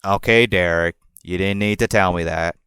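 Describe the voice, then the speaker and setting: A man putting on the voice of a redneck boss on the phone: a gruff, unbothered fellow speaking in a rural Southern drawl, pitched well below the storyteller's own voice, clean and smooth with no room echo. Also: moderate pace, a bit bright. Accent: rural Southern US put-on.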